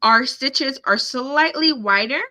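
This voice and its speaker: A woman's voice: sits high, slow, bright, forceful tone. A woman hosting a casual live craft tutorial, chatting to herself and her viewers as she works through the steps on screen. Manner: chatty, talks to herself and viewers while clicking. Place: home setup, live stream.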